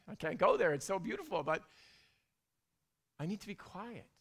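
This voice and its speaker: A middle-aged man preaching a sermon, animated, dropping to hushed whispers and rising to loud bursts. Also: sits high, moderate pace, slightly rough. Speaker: pastor.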